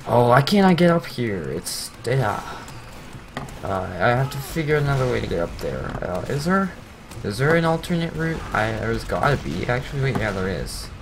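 A young man talks through his gameplay in a casual, rambling way, laughing at himself and yelping when things go wrong. His voice sits at an ordinary middle pitch. A steady wash of noise runs under the recording. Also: moderate pace. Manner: rambling, self-mocking, excitable outbursts. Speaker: gameplay commentator.

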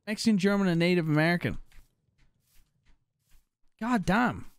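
A man's voice: sits high, moderate pace, clean tone, no room sound, clean studio sound. A young man streaming a game, chatting casually and crudely, swearing and joking as he reads chat aloud. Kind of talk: casual live-stream commentary.

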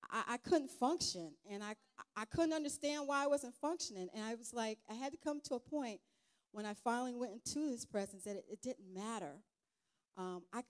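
A woman speaking as a guest at a church event, giving an informal testimony sermon in an earnest, halting, conversational way with many restarts. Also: mid-range voice.

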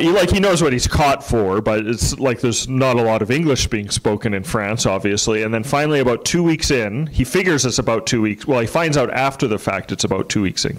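A man's voice: on the low side, poor audio. A man, a pastor telling a story in a sermon in a casual, rambling way with many fillers and restarts.

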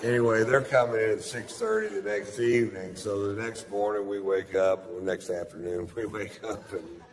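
On a large theater stage before an audience, a middle-aged man performs stand-up, drawling and rambling through a profane story. His voice is lowish with fairly even intonation and a moderate pace. The live recording has long reverb and slight background noise.

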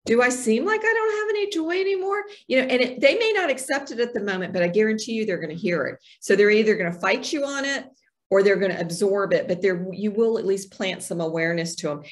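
A woman talking as a podcast guest in a relaxed conversational way. She tells stories with lively energy and slips into voices for the people she quotes. Her pitch sits in a middle range. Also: fast talker. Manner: animated storyteller, acts out quoted voices. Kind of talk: casual conversational interview.

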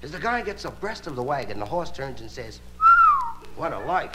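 Male stand-up comic, lively high delivery, relaxed drawl; live album with tape hiss. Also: fast. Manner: relaxed drawling, playful asides. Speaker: stand-up comedian. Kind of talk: stand-up comedy storytelling. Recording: hissy live album recording.

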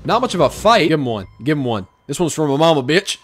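A young man doing loud, profane, excitable commentary while playing a video game. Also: fairly high pitch, quick pace. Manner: profane, excitable trash talk. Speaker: gaming streamer. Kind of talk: gameplay commentary.

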